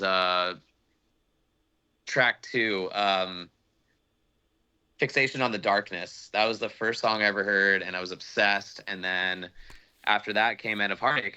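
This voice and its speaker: A young man chatting casually as a podcast guest, excitable and rambling, swearing often as he gushes like a fan. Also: sits low, smooth. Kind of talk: casual chat. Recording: dull lo-fi sound.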